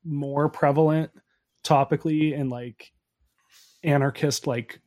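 A man from the Northwest, talking casually and haltingly with many "like" fillers. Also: a little high, fairly even intonation, a little mellow. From Pacific Northwest, USA. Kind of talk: casual podcast chat.

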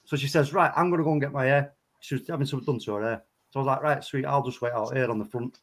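A man on a casual podcast panel over a video call, laughing often and telling stories in an animated way. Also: mid-range voice, rapid-fire. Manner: laughs a lot, animated storyteller. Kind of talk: casual chat, anecdote telling.

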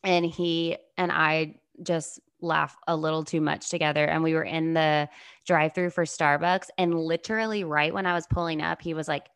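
A woman's voice: deep voice, steady tone, moderate pace, a bit bright, clear, resonant tone. A woman hosting a casual podcast interview, chatty and enthusiastic. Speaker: podcast host.

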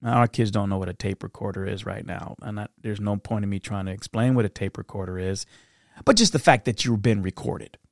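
A middle-aged man hosting a reflective solo podcast, talking earnestly in a storytelling way that turns soft-spoken at times. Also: lowish voice, fairly quick, creaky, dry recording, clean studio sound. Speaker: podcast host.

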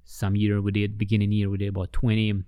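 A man tells stories in an interview, his low voice sitting dry and close to the mic. He slips into quoted voices with big leaps in pitch and then drops back to an even, earnest telling. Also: quick pace, clear, resonant tone, dry recording. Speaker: ministry worker. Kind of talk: interview storytelling.

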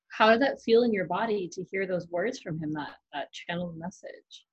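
Podcast host lady, husky and airy, soft curious questions, kinda muffled audio. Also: medium pitch, animated, normal speed, few pauses. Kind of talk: casual conversation.

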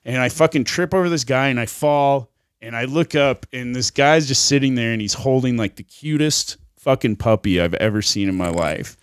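A man's voice: mid-range voice, normal speed, clean tone, no room sound. A man in the middle of his range tells a rambling story, cursing freely and chuckling at himself. The sound is dry and close, with no room in it. His talk is loose and casual, full of "like" and restarts. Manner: rambling, swears a lot, laughs mid-story. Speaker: podcast co-host.

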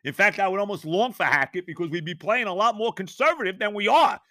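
A middle-aged man rants on his sports podcast, furious and foul-mouthed. His voice sits a bit high and comes across sharp and tense. The sound is close and dry. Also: fast, dry recording. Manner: fuming, profane, exasperated. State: worked up. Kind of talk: angry sports rant.

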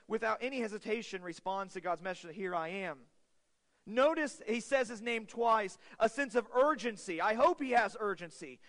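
A male pastor preaching a sermon with an earnest manner, rising to loud, urgent peaks and then dropping to quiet stretches. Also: high-pitched. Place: church sanctuary. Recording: long hall reverb.

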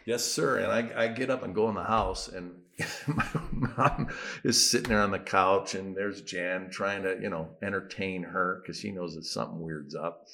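Gravelly low-voiced preacher man. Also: normal speed. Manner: animated storyteller acting out dialogue. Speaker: missionary pastor. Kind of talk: storytelling sermon.

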